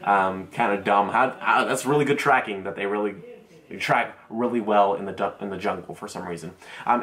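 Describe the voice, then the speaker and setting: A man's voice: medium pitch, a bit bright. A young man giving a casual, rambling movie review, full of fillers and restarts.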